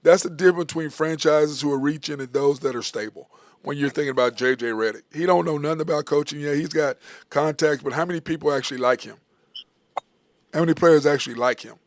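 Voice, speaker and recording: A man hosting a casual sports talk show, animated and rambling, laughing often and filling his talk with "uh" and "I mean". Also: on the high side, fast.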